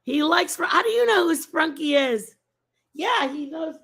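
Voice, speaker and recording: A woman's voice: very high voice, lively intonation, a little slow, creaky, fairly bright tone. A woman hosting a casual live stream, rambling and chatting with her viewers and answering their messages by name.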